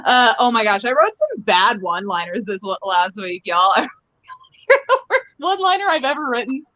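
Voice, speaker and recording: A woman's voice: on the high side, big pitch swings, normal speed, pushed and bright, lo-fi sound, a little hiss or hum. A young woman doing rambling, self-amused stand-up comedy from home into her phone. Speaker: stand-up comic. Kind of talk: casual stand-up riffing.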